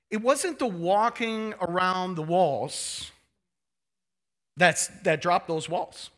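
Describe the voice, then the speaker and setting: A man in his thirties preaching a sermon, joking and acting out quoted voices. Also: sits high. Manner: animated, joking, acts out quotes in changing voices. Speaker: pastor.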